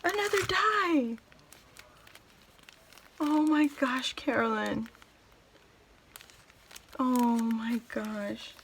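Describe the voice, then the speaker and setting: A woman unboxing a craft gift for her viewers in casual chat, gushing and exclaiming with delight, then slowing down to take it all in. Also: on the high side, a bit bright, a little hiss or hum. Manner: slow and drawn out between exclamations.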